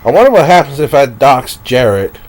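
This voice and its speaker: Brief: male streamer, rambling profane rant, mid-pitched, emotional venting. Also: sing-song, moderate pace. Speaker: live streamer.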